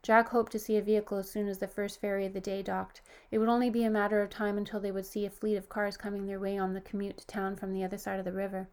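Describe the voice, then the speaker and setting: A woman reading a horror story aloud as narrator, steady and even, lifting her voice slightly for the characters' quoted lines. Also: mid-range voice, quick pace, few pauses.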